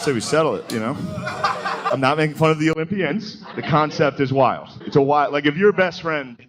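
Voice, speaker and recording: A man's voice: fairly high pitch, brisk. A man doing a crude, conversational stand-up set, chuckling as he talks. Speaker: stand-up comedian.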